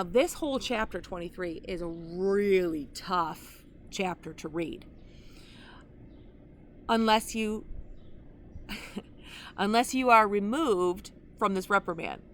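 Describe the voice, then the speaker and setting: A woman's voice: mid-range voice, fairly bright tone, a little hiss or hum. A woman, a grandmother in her fifties or older, teaching the Bible online in an earnest, conversational way with personal asides.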